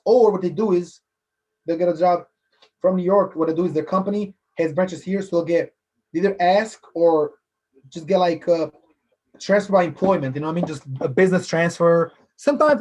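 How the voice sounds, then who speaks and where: Fast-talking man hosting a podcast. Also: high voice, a little mellow. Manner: rambling, loose, repeats phrases and fills with "you know". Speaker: podcast host. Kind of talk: casual solo podcast monologue. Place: based in Philadelphia.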